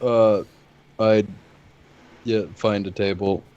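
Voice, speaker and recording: A very deep-voiced man gives slow, terse replies as a tabletop game player. His mic sounds dull and lo-fi, with faint hiss. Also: level tone, dark tone. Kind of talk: tabletop game role-play.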